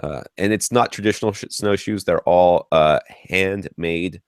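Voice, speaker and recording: A man around forty hosting a podcast, telling ranting stories in a casual, animated way with lots of restarts. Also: low-pitched, unhurried, smooth, no room sound, studio quality. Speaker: podcast host.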